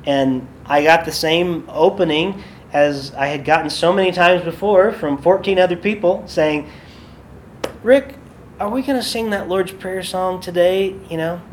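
A man leads a worship workshop in an easy, rambling storyteller's way, full of fillers and side remarks. His voice sits a little above the usual for a man, with a faint hiss in the recording. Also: on the high side. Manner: chatty, loose, with many fillers and asides. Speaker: worship leader and podcast host. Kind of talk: casual workshop talk with stories.

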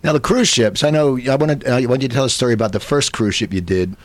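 A male interviewer talks fast at a middle pitch. He asks short, prompting questions, and the recording sounds close and dry. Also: expressive, dry recording. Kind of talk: casual interview.

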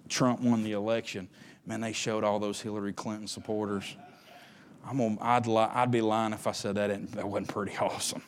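Man, pastor, sermon, chatty folksy delivery, impassioned climaxes. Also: mid-range voice. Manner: folksy, conversational preaching that builds to impassioned shouting.

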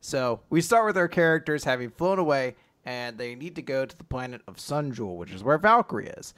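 A man's voice: mid-range voice, lively intonation, brisk, fairly bright tone. A man hosting a casual recap, rambling and laughing as he retells the chapter. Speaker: podcast host recapping an anime. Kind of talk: casual chat.

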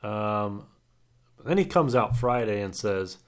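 A man's voice: on the low side, lively intonation, slow. A man co-hosting a podcast, talking sports in a rambling, hesitant way with many fillers. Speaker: podcast co-host. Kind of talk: casual sports chat.

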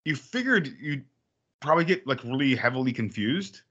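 A man's voice: mid-range voice, very animated, normal speed, a bit bright, breathy edge, lo-fi sound. A man chatting casually on a podcast, rambling with frequent restarts and swearing. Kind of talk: casual chat.

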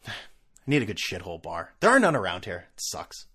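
A man's voice: deep voice, bright, forceful tone, breathy edge. A man hosting a solo podcast, ranting casually in a sarcastic, profane, rambling way. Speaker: podcast host.

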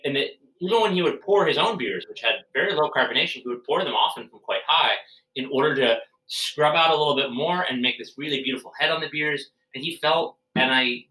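A man talks shop as a brewer in easygoing podcast chat. His voice is bright and clear, and he wanders through his thoughts with plenty of fillers. He sits a little away from the microphone, so the room's echo comes through. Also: medium pitch. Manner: relaxed, rambling, many fillers and restarts. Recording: roomy, distant from the mic.

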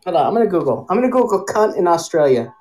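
A man's voice: high voice, big pitch swings, very fast, darkish tone, roomy sound. Teasing man in his forties. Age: 40s. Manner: teasing, joking, provocative. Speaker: guest. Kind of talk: casual chat.

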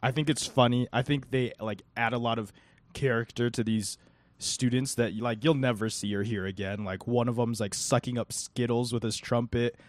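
A man's voice: mid-range voice, fairly even intonation, normal speed, dry recording. A young man co-hosting a podcast, talking earnestly in casual chat with many fillers. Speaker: podcast co-host.

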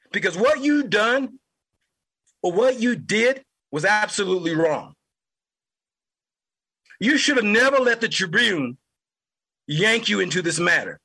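A man's voice: high-pitched, very animated, measured pace, pauses often, bright, forceful tone, breathy edge, low-quality recording. A man hosting a political podcast, delivering an angry, heated monologue and repeating lines for emphasis. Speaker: podcast host.

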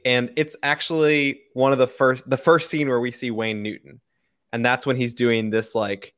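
A man's voice: mid-range voice, fairly bright tone, no room sound, clean studio sound. A man co-hosting a casual film podcast, joking around in a loose way with many fillers. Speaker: podcast co-host.

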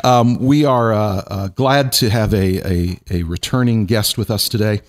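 A man's voice: fairly low pitch, unhurried. A man who is a pastor, hosting a casual podcast conversation in a playful, bantering way with frequent restarts.

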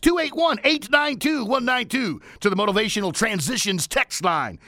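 A man hosting a talk radio show, delivering an energetic, repetitive motivational monologue from the studio. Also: very high voice, a little fast, few pauses, no echo. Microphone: studio microphone.

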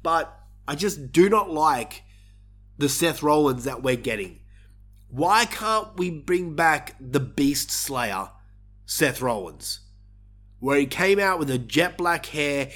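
A man's voice: fairly high pitch, expressive, unhurried, fairly bright tone. A man hosting his own wrestling show, giving casual predictions in an opinionated, worked-up rant while sick with a cough. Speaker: wrestling podcast host.

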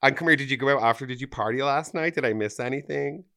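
A man's voice: medium pitch, fast, gravelly, bright, forceful tone. A man hosting a podcast in casual chat, gushing and exclamatory, full of "amazing" and "oh my God". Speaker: podcast host.

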